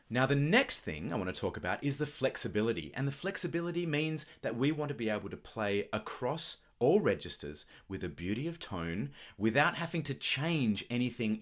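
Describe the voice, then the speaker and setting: A middle-aged man explaining clarinet embouchure in a relaxed, thoughtful teaching manner, with the odd filler as he talks. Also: medium pitch. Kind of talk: instructional video talk.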